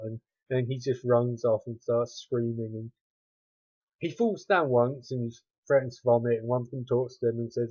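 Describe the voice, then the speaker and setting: A man's voice: mid-range voice, steady tone, normal speed. A man recapping a bad horror movie in a rambling, sarcastic way, with wry asides. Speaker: movie reviewer. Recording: dull lo-fi home recording.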